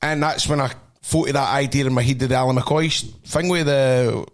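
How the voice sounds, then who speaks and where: A man's voice: medium pitch, fairly even intonation, moderate pace. A Scottish man hosting a podcast, telling rambling, swearing stories in casual banter with lots of laughing. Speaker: podcast host.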